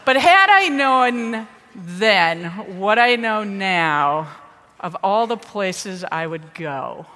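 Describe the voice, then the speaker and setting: A woman from the Midwest giving a lively storytelling talk to an audience. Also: mid-range voice, very slow. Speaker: speaker at a ministry event. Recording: reverberant hall.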